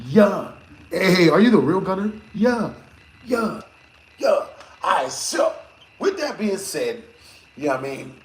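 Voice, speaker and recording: A man live-streaming, telling a rambling story to his chat in a slangy, animated way with frequent laughs. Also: on the high side. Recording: roomy echo.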